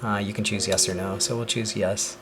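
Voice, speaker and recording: A man's voice: lowish voice, steady tone, fairly quick, background noise. A man hosting a let's play, casually retelling game dialogue in his own loose words, full of fillers. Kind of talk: casual gameplay commentary. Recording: loud game music underneath.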